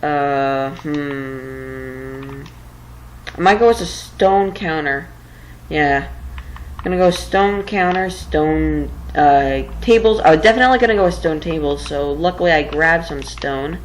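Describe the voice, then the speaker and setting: With a deep voice and measured pace, a woman is heard on a rough recording with slight background noise. She builds while giving casual let's-play commentary, rambling and a little flustered, putting herself down, tired late at night.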